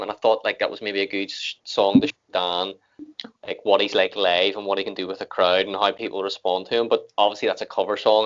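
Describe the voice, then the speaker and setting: A man's voice: fairly low pitch, fairly bright tone. An Irish man hosting a reaction video, chatting casually and rambling with lots of fillers and restarts. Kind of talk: casual chat. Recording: dull lo-fi audio.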